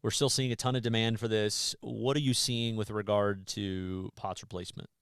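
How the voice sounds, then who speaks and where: An upbeat male podcast host with a low, smooth voice who encourages his guest. The recording is dry and close, with no room sound. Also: fairly even intonation, normal speed, a bit bright, no room sound. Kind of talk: casual interview.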